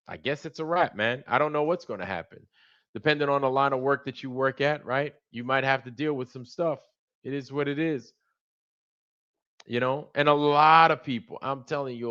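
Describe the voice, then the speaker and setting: A man's voice: mid-range voice, bright, forceful tone, dull audio. A man hosting a livestream, talking casually and animatedly while acting out both sides of a conversation. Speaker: livestream host. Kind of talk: casual monologue.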